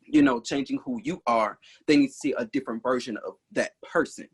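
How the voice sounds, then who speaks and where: A man with a Southern Atlanta accent speaks as a guest in a casual online interview. His voice is a little husky, and he lays out his thoughts earnestly and at length. He sounds relaxed and sincere. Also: mid-range voice, a little fast. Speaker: singer, dancer and songwriter guest.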